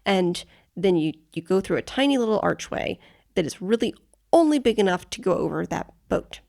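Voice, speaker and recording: A woman's voice: mid-range voice, lively intonation, moderate pace, gravelly, a little mellow. A woman co-hosting a travel podcast who explains news stories step by step and checks that the listener is following. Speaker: podcast co-host. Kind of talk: casual chat, explaining news.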